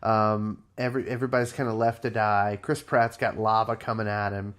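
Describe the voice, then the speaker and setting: Male co-host, casual, slangy storyteller, relaxed podcast delivery. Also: lowish voice, brisk. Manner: slangy, relaxed retelling of a film plot. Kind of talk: casual chat.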